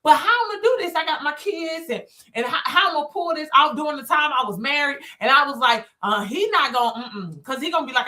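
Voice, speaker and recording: A woman's voice: sits high, expressive, fairly quick, few pauses, pushed and bright. A woman, telling her story as a motivational talk to viewers, emphatic and repeating phrases for effect. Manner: emphatic, repeats phrases, addresses listeners as y'all. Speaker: business coach and speaker.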